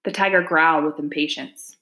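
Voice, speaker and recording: A woman reading a children's folk-tale novel aloud, calm and measured with hushed suspense. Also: sits low. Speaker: audiobook narrator. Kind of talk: storybook narration.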